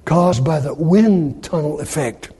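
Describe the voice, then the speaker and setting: A man preaching a sermon in a dramatic way, acting out quoted speech in loud, high bursts. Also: slow, slightly rough. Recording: long hall reverb.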